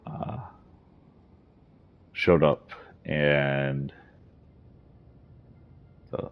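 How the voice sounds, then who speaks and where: Super deep husky guy chatting about game lore, rambly, kinda dull lo-fi mic. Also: measured pace. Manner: rambling, with fillers and laughs. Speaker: gaming video host. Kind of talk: casual game story review. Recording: dull lo-fi recording.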